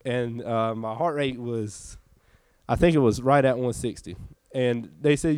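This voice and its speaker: A young man with a drawl tells his faith testimony in an earnest, heartfelt way. He sounds a little worn out and subdued, at a middle pitch. The recording is dry and close, with no room echo. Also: measured pace, a little mellow, clear, resonant tone. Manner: earnest, emotional storytelling. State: tired, subdued. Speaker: church member giving testimony.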